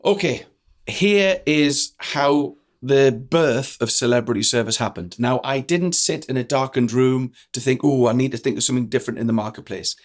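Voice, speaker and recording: A man, a guest telling stories in a lively way and acting out the lines of the people in them. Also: mid-range voice, moderate pace. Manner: energetic, acts out quoted dialogue. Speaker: guest speaker. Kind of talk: animated storytelling in a podcast interview.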